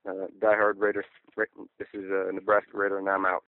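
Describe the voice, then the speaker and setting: Low monotone caller guy, lots of uhs, tinny dry phone sound. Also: background noise. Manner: halting shout-outs with many fillers. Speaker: caller to a radio show.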